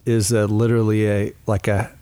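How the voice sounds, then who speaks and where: A man's voice: lowish voice, little pitch movement, normal speed, mellow, smooth, no room sound. A man co-hosting a casual podcast, talking in a rambling, easygoing way and laughing often. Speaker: podcast co-host.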